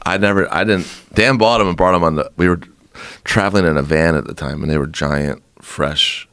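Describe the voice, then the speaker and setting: Low-voiced male guest, lively anecdote teller. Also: brisk, dry recording. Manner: animated, laughing storyteller. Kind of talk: casual storytelling.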